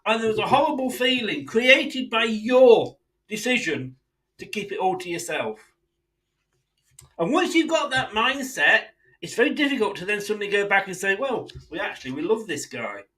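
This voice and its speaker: An English man hosting a football fan channel, ranting bluntly and swearing freely, and acting out imagined conversations in quick asides. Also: high-pitched, lively intonation, pushed and bright. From England. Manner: mimics others in asides. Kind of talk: impassioned fan rant.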